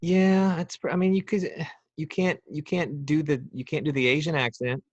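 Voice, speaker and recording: A man's voice: on the high side, fairly even intonation, moderate pace, dry recording, highs cut off. A man as a podcast guest in casual chat, joking and rambling with lots of restarts.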